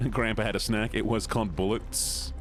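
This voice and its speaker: A man streaming a game, commenting in an excitable, goofy, joking way. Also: medium pitch, a little hiss or hum. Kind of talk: gaming livestream commentary.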